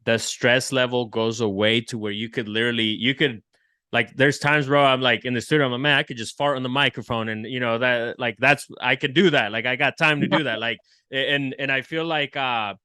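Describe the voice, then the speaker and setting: Man, casual podcast host, crisp tone, talks loose with "bro" and "like", dry room. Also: medium pitch, steady tone, a little fast, pushed and bright, dry recording. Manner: loose, slangy, many restarts and "like", "bro". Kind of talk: casual interview chat.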